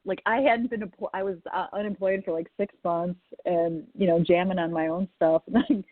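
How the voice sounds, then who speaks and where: A woman's voice: lowish voice, fairly even intonation, normal speed, dry recording. A woman hosting a podcast, chatting casually with a guest, laughing often and using lots of fillers. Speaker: podcast host and psychic reader. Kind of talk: casual interview chat. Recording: tinny phone-like sound.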